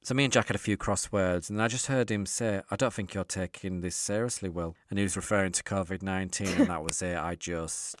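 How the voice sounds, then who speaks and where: A man telling a story as an interview guest, lively and acting out the dialogue he quotes. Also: sits low, brisk, few pauses, no echo, studio quality. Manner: animated, acts out quoted dialogue.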